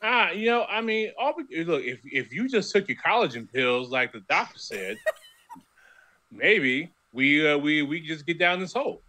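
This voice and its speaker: Guy at a tabletop game, bright sharp voice, jokey, rambles and restarts a lot. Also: a little high, sing-song, unhurried. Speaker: player. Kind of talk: tabletop role-play banter.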